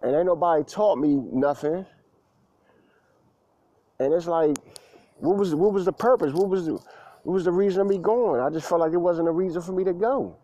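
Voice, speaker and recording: A man's voice: high-pitched, a little fast, dark tone, no room sound, lo-fi sound. Slangy man telling stories casually. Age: adult, past school age. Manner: loose slangy talk with many fillers and repeats. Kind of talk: casual storytelling monologue.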